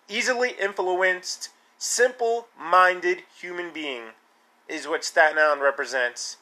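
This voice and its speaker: A man rants on his own podcast in a casual, animated way, indignant and sarcastic. His voice sits a little high and sounds bright and forceful. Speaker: podcast host. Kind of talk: casual solo podcast rant.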